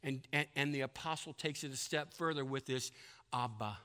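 A man's voice: normal speed, smooth. A man preaching a sermon, emphatic, telling a long joke and acting out its characters. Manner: plays characters in a told story with big pitch jumps; drops to a soft, hushed delivery.

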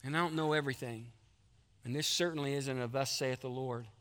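A man's voice: mid-range voice, steady tone, brisk, fairly bright tone. A man, preaching a folksy sermon as pastor of his church. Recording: long hall reverb.

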